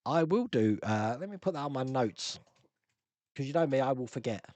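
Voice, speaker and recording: A man's voice: mid-range voice, lively intonation, moderate pace, a little mellow, no room sound. A man hosting a casual live-stream Q&A, chatting and laughing as he answers viewer comments.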